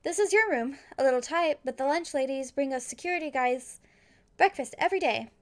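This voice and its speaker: A woman's voice: high-pitched, expressive, fairly quick. A woman voicing a friendly young security guard welcoming a new colleague.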